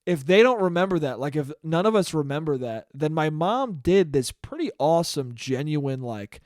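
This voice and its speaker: A man's voice: on the high side, sing-song, moderate pace, darkish tone, no echo, studio quality. A man in his twenties hosting a casual solo podcast, rambling through stories, swearing freely and laughing at his own jokes. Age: 20s. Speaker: podcast host.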